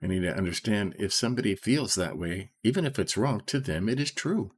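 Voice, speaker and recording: Soft-spoken low husky male Bible teacher. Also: animated. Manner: soft-spoken, keeps checking in with "okay?" and "right?"; slows right down to stress key phrases. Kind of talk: informal scripture reading and commentary.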